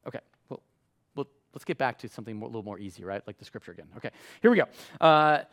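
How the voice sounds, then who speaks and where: A man preaching a sermon in a conversational way, acting out quotes with lively voices. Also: medium pitch, racing. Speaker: pastor.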